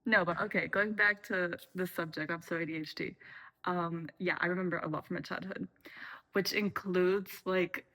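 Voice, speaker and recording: A young woman chats off the cuff at home, rambling and correcting herself as she goes. Her voice sits a little low but has a bright, forceful edge. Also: fairly even intonation, moderate pace, rough recording. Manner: rambling, chatty, frequent fillers and self-corrections. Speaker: vlogger. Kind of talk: unscripted casual chat. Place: home, making tea.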